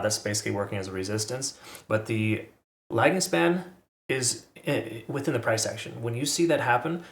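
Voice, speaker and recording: A man with a fairly low voice talks his way through crypto price charts in a loose, conversational way, repeating himself and adding offhand asides. He sounds like he is in a roomy, echoey space. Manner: casual, rambling with restarts and asides. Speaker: crypto market analyst. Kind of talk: chart analysis commentary.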